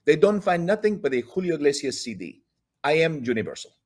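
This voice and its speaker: A man's voice: on the high side, big pitch swings, fairly quick, a little mellow, voice pushed up. A man doing an impression of a grandiose older male crooner who speaks in short, clipped, self-assured phrases.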